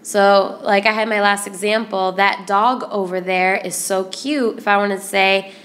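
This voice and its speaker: A woman teaching a Spanish grammar lesson in English, explaining patiently and repeating word lists slowly. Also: medium pitch, fairly even intonation, a bit bright.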